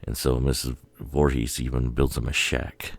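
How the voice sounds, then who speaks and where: A man with an extremely deep, gravelly voice talks through a story idea in a loose, rambling way. He swears casually and runs his thoughts together. The recording is close and dry, with no room sound. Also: flat delivery, moderate pace, no room sound. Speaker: video creator.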